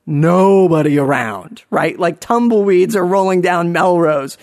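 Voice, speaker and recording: A man's voice: high voice, dry recording. Self-mocking man telling a story, dry sound. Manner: self-mocking, halting with restarts. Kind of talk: personal story told to an audience.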